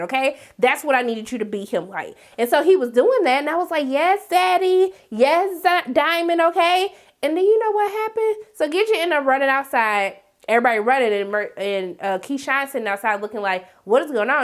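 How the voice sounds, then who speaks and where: Sassy, animated woman recapping a show. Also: high-pitched. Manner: sassy, dramatic, talks straight to viewers with repeated "okay?". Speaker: TV recap host.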